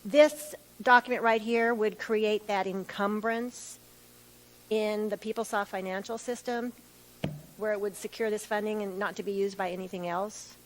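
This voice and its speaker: A woman giving witness testimony at a formal hearing, answering in measured detail with some restarts. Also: mid-range voice, fairly even intonation, low-quality recording. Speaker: utility staff witness. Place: hearing room.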